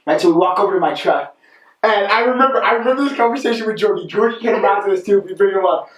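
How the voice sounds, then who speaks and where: A young man co-hosting a podcast, telling a rambling, animated story in casual chat and often asking "right?". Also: high-pitched, quick pace, dull audio. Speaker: podcast co-host. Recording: echoey room, mic at a distance.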